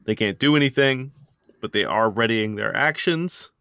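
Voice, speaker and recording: A man narrating a tabletop game as game master, quick and lively, laughing now and then. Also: medium pitch, gravelly, clear, resonant tone, no room sound, studio quality.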